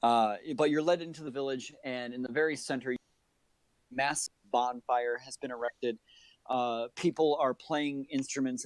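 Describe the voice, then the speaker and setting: A man narrating a tabletop game as game master, describing scenes in detail with many filler pauses. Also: medium pitch, no echo.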